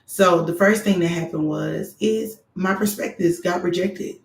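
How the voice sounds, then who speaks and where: Animated frank woman in echoey room. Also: lowish voice, a little slow, gravelly. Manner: animated, frank, talks straight to viewers. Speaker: doctoral student vlogger. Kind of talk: candid advice monologue.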